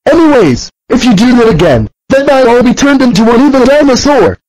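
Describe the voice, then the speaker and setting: Guy doing a super high squeaky mad dinosaur, voice bouncing all over, dry close sound, nagging nonstop. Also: very animated, fairly quick, a little mellow, dry recording, low-quality recording. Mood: scolding. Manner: scolding, repeats threats. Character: angry purple dinosaur, male, fed up.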